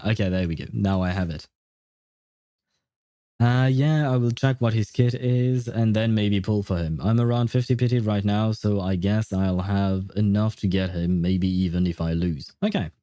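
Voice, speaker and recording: A man with a lowish, mellow voice chats on a game livestream, thinking aloud and tripping over fillers and restarts. The sound is dry and close, with no room around it. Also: no room sound. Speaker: streamer. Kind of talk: casual livestream chat.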